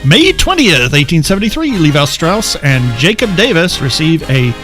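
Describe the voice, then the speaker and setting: A man's voice: fairly high pitch, sing-song, normal speed, a bit bright, faint music behind. A man co-hosting a casual podcast chat, easygoing and often laughing. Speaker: podcast co-host.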